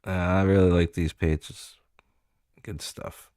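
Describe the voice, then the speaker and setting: A man's voice: deep voice, flat delivery, slow pace, a little mellow, no echo. A man hosting a casual stream chat, crude, blunt and joking.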